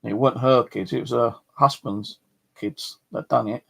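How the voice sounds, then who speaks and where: With a gravelly, breathy-edged mid-range voice, a middle-aged man from southeast England rambles through stories for his channel, swearing freely. His tone stays steady and his pace moderate in this casual talk to camera.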